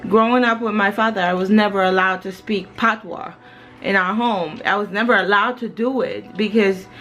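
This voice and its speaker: Woman, 30s, from Jamaica, family vlogger; rambling casual talk to camera at home, mid pitch. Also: steady tone, normal speed, a bit bright, faint music behind, low-quality recording. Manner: chatty and rambling, many "you know"s. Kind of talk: casual vlog chat to camera.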